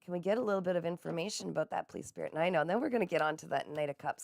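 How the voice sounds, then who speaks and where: A woman's voice: mid-range voice, big pitch swings, fast, dry recording. A woman giving a live tarot reading, effusive and encouraging, speaking straight to her viewers. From Canada. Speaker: psychic reader.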